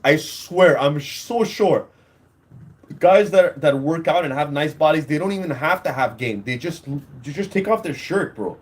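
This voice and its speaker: This young man hosts a podcast alone, his slightly high voice full of lively intonation as he rambles at a measured pace. He's casual and crude, often laughing at his own tales.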